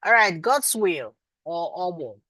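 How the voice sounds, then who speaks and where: A Nigerian woman with a lowish voice leads a live online class, calling her students sweetie and my love. She is warm toward them but firm that they must do their assignments. Her voice sounds dry and close, with no room echo. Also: lively intonation, measured pace. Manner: firm, insistent teacher. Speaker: instructor.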